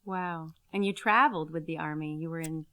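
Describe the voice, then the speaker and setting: A woman's voice: low-pitched, fairly quick, bright, forceful tone. A woman hosting a talk interview, asking questions in a friendly, encouraging way. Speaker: talk show host.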